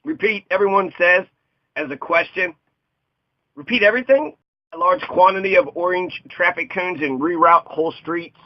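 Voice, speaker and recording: Young man, comic list reading, jokey riffing, higher voice, dull lo-fi dry sound. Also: steady tone, moderate pace, no room sound. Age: young adult. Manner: joking, riffing, laughs often.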